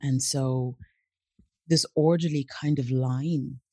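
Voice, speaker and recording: With a rumbling low voice and a slow delivery, captured in a dry recording, a woman in her late thirties of African origin tells her personal stories during an interview. Her storytelling is animated, and she acts out the others' voices.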